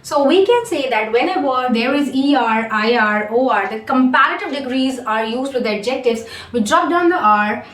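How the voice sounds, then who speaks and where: A woman with an Indian accent teaching phonics, switching between English and Hindi and slowly repeating sounds for learners. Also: high voice, lively intonation, a bit bright, reverberant, far from the mic. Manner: slow, careful modelling of sounds. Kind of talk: online lesson mixing English and Hindi.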